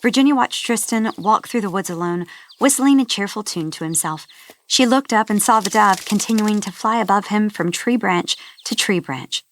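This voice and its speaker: A woman narrating a fantasy audiobook. Her scripted delivery is soft and even, settled at a middle pitch. She tells the story calmly between the characters' lines. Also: normal speed, a little hiss or hum.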